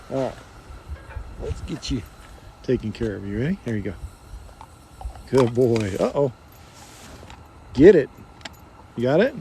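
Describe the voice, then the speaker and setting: A man's voice: mid-range voice, sing-song, takes it slowly, long pauses, dark tone, slight background noise. Folksy, chuckling man on a ranch. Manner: folksy, chuckling, talks to his animals. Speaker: rancher hosting a live stream. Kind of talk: casual live-stream chat. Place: outdoors on a ranch.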